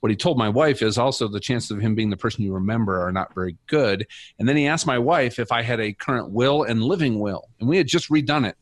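A man's voice: mid-range voice, quick pace, few pauses, no room sound. A middle-aged man telling his personal faith story as a guest, earnest and reflective. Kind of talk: personal faith testimony in conversation.

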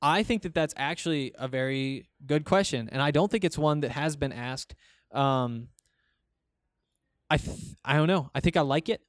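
A young man with a fairly high, smooth voice, chatting on his own podcast. He rambles along loosely, with plenty of fillers and restarts. The sound is dry and close to the mic. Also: normal speed, no echo. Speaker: podcast host. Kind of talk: casual solo podcast, reading listener comments.

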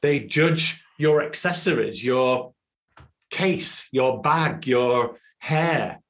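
A middle-aged man hosts a podcast, talking straight to his listeners in a solo advice segment. His pitch sits in an ordinary middle range, and he stacks his points one after another in emphatic lists. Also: animated, drawn-out words, a bit bright. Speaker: podcast host.

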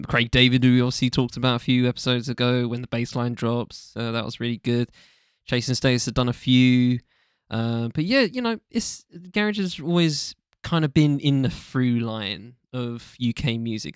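A man's voice: mid-range voice, smooth, no echo, clean studio sound. A young man from the UK hosting a casual solo podcast, rambling loosely with lots of ums and casual swearing. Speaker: podcast host.

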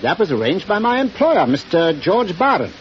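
An actor playing a gruff, blunt ship captain in a vintage radio drama, grumbling about his crew. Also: sits high, big pitch swings, normal speed. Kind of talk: 1940s radio acting. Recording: muffled old radio broadcast with hiss.

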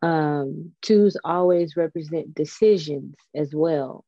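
Chatty woman with a dark, dry voice. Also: deep voice, takes it slowly, no room sound, muffled recording. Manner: chatty, digressive, animated storytelling. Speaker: spiritual guest. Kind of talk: casual spiritual chat.

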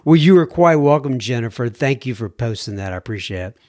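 A man hosting a podcast, reading out listener messages in a casual, halting way and often repeating words as he starts a sentence. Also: medium pitch, expressive, darkish tone. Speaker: podcast host.

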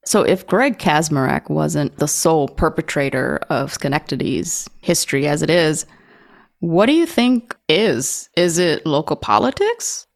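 A woman's voice: sits low, lively intonation, unhurried, creaky. A woman hosting a podcast, asking probing interview questions. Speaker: podcast host.

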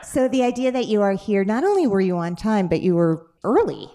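A woman hosts a live podcast taping on stage, her talk playful and chatty. She laughs easily as she jokes with her guest, and her voice sits at an ordinary middle pitch. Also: animated, brisk, mellow, slight background noise. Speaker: podcast host. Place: stage before a live audience.

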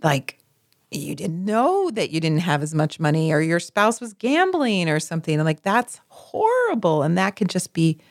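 A woman's voice: fairly low pitch, moderate pace, no echo, studio quality. A woman in casual conversation as co-host, telling stories expressively and acting out the people in her examples. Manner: expressive, animated storytelling with vivid voiced examples. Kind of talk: casual chat.

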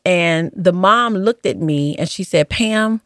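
A woman, a former hospice nurse, telling stories from her work in a casual interview, acting out what people said with lively jumps in her voice. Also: unhurried, no echo, clean studio sound. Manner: animated, acts out quoted dialogue with big pitch jumps.

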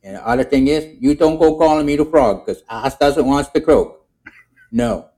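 A man's voice: mid-range voice, normal speed, mellow, voice pushed up, lightly acted. A man voicing a bossy male frog who talks with folksy broken grammar. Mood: folksy, boastful.

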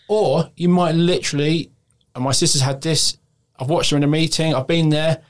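Calm, earnest man hosting. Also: a little high, normal speed. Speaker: podcast host. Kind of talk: casual podcast conversation.

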